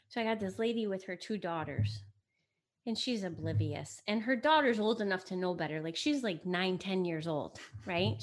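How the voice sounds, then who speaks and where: Lively storytelling mother, middle-aged. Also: medium pitch. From United States. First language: Italian. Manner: lively storyteller, acts out quotes. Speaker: guest, host's mother. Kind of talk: casual chat. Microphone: camera mic in home setting.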